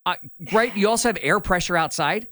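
A man's voice: high voice, brisk, no echo, studio quality. A man from the US Midwest co-hosting a morning radio show, joking wryly and telling stories in casual chat. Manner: wry, joking, animated storyteller.

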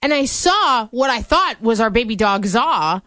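Animated higher-voiced woman radio host. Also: measured pace, dry recording, studio quality. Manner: animated storyteller, acts out quotes. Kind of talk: casual on-air radio chat.

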